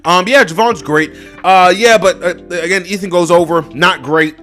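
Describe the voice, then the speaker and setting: A high, bright-voiced man tears into a wrestling show, swearing and sarcastic, his pitch leaping around as he shifts between shouted outbursts and weary mutters. He stammers and restarts his sentences as he goes. Faint music plays underneath. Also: normal speed. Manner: animated swings from loud to muttering. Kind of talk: profane ranting review.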